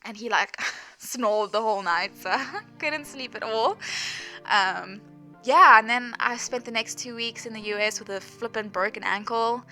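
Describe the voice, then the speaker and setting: A young South African woman in her twenties, a vlogger, narrates a storytime voice-over in a bright, forceful voice that sits a little high and moves a little slowly. She's chatty, says "like" a lot, and laughs often as she tells it. Faint music plays in the background.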